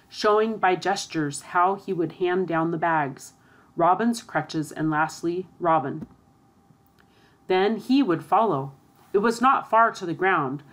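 A woman narrating a storybook aloud in a steady, expressive reading. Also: on the low side.

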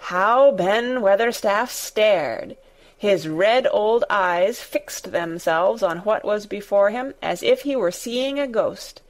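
A woman narrating a storybook in a deliberate, expressive reading. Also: medium pitch, low-quality recording. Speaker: audiobook narrator.

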